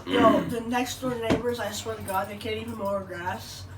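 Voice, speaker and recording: Woman, high voice, crude joking storytelling, echoey room, distant mic. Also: steady tone, normal speed, very noisy. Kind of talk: casual storytelling chat.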